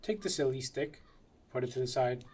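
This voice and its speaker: A woman's voice: extremely low pitch, animated, a little mellow, slightly rough. A woman music teacher demonstrating a rhythm lesson in a playful way, chanting rhythm syllables. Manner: slow and deliberate. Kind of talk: classroom music lesson demo.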